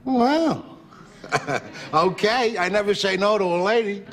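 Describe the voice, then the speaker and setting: An actor playing a stubborn, blustering middle-aged working-class husband, speaking in a brash, gruff manner in 1970s sitcom style. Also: male voice, high-pitched, lively intonation, takes it slowly, very noisy. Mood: blustery. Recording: old TV tape with audience laughter.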